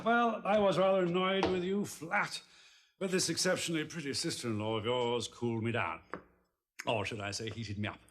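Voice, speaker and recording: An actor playing a smug, flirtatious English neighbor with an English accent, in sitcom style. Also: male voice, on the high side, moderate pace, natural voice. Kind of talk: 1990s sitcom acting. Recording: loud hiss, studio audience laughter.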